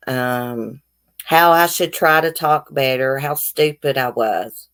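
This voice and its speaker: A woman's voice: a bass voice, takes it slowly, faint music behind. A woman from the American South with a Southern accent, hosting a casual live stream, chatting frankly and bluntly with her viewers as she reads their comments. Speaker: YouTube live stream host.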